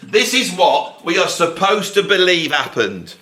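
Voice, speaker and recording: Sarcastic man with a lively voice. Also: high voice, a little slow, over music. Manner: sarcastic, exasperated. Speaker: musician and video host. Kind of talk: ranting music commentary.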